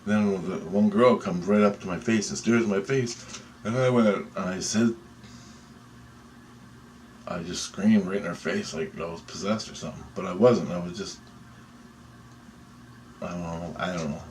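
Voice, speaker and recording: A man telling a dream story in an excitable, rambling way, swearing often and restarting sentences. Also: low-pitched, moderate pace, pauses often, a little hiss or hum.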